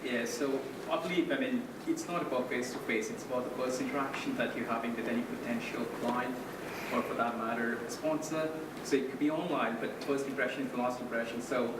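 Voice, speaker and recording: A man in the audience explains his view earnestly and quickly. He sits far from the mic in an echoing room. Heavy noise fills the recording. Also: mid-range voice, steady tone. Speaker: audience member. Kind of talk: casual answer in a Q&A.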